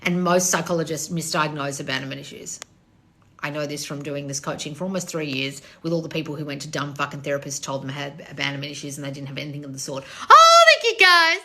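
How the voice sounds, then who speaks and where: Low-pitched, level, and a little bright, this woman talks fast. A manifestation coach, she hosts a live-stream Q&A on her phone, answering viewer comments bluntly with lots of swearing and laughter.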